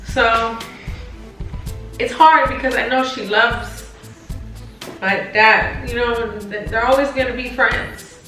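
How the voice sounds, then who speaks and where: A woman co-hosting a channel, talking about a painful family topic in a halting, tearful way, often repeating words and addressing viewers directly. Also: a little high, steady tone, bright, forceful tone, very echoey, recorded from a distance, faint music behind. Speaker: co-host. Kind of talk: emotional personal talk to viewers.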